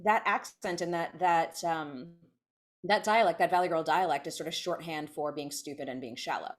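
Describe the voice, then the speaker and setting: Appearing as a guest on a podcast, this low-voiced woman from California, in her thirties, chats casually at normal speed. She keeps cutting herself off and starting sentences over.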